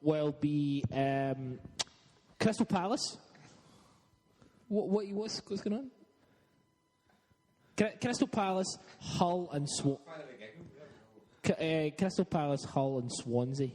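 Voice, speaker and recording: A man's voice: fairly high pitch, expressive, slow pace, pauses often, a little mellow, big-room sound. A man steering the casual sports banter on a podcast, brash and swearing. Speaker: podcast panelist.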